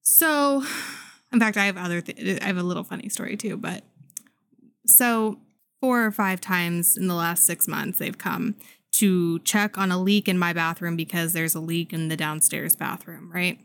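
A woman in her thirties co-hosting a casual podcast, telling a story with lively shifts and quoted voices. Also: moderate pace, no room sound. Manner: animated storyteller, jumps pitch for quoted voices, laughs often. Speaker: podcast co-host.

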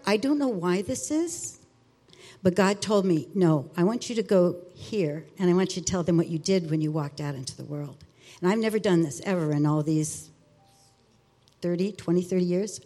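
A woman in her sixties giving a personal testimony, earnest and halting, with many fillers and restarts. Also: lowish voice, warm tone. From Alaska. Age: 60s. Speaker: speaker sharing testimony.

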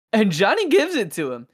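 Podcast host, casual film recap, animated delivery with quick character voicing. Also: medium pitch.

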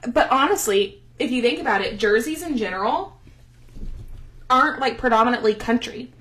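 A woman's voice: on the high side, animated, moderate pace, fairly bright tone. A woman from the Southern US with a Southern accent, co-hosting a podcast in chatty, teasing casual talk and laughing often. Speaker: podcast co-host. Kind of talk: casual chat.

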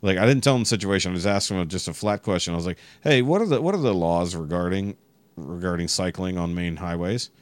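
Very deep-voiced profane man telling a story. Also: quick pace, no echo. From Texas. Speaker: podcast guest. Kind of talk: casual chat.

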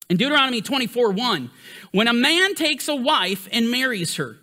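High, bright, emphatic male Bible teacher. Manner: emphatic, pitch swinging with emphasis. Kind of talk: teaching sermon.

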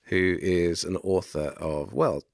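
A man co-hosting a book podcast, sounding deeper and throaty from a virus, talking with hesitant restarts. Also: takes it slowly, creaky, no echo, clean studio sound. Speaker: podcast co-host and publisher. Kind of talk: casual podcast chat.

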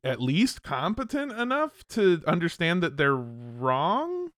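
Unhurried man with a smooth voice. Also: fairly high pitch, huge pitch swings, a bit bright, no room sound, studio quality. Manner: curious, self-deprecating. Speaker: podcast co-host. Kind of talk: casual chat.

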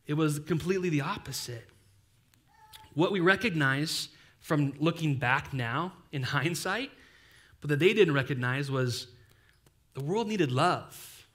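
A young adult man preaching a sermon as pastor, casual and animated, with playful asides. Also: fairly high pitch, a little slow.

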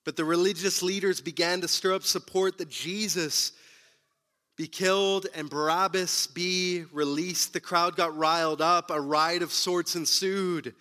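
A man preaching a sermon who retells the story dramatically, moving between loud bursts and hushed, low passages. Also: fairly even intonation, measured pace. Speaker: pastor.

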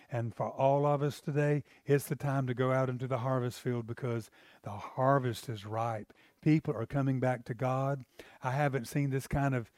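A man's voice: mid-range voice, darkish tone, no echo, clean studio sound. A man preaching a sermon as pastor, in an emphatic, exclamatory, conversational way.

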